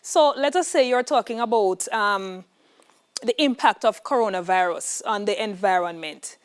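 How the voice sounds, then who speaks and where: A woman's voice: medium pitch, moderate pace, clear, resonant tone. A woman with a Jamaican accent teaching an exam prep lesson in an emphatic, instructive way, checking in with "all right". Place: classroom.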